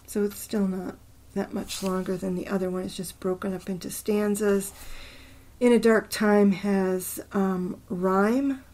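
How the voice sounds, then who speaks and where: Slow, thoughtful woman chatting about poems. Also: mid-range voice, steady tone, darkish tone. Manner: thinking aloud, murmuring syllable counts under her breath; slow and unhurried, with fillers. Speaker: poetry channel host. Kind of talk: casual talk about poems, reading aloud.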